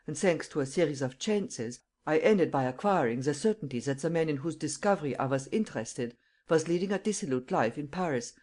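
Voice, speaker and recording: A narrator voicing a poor, excitable old German man with a German accent who stammers and splutters in bursts. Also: fairly high pitch, close to an everyday voice. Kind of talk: audiobook character voice.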